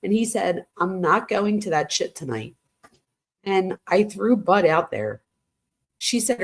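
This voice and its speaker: Slow-paced woman reading texts aloud. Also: mid-range voice, lively intonation. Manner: reacts with shocked asides between readings. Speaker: true crime channel host. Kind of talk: reading text messages aloud with commentary.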